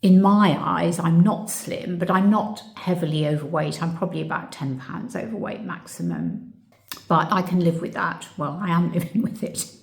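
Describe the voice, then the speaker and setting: A woman's voice: lowish voice, normal speed, creaky. A woman vlogger answering viewer questions in a casual, reflective chat that turns emotional. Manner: warm, reflective, gets emotional. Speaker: channel host. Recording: echoey room.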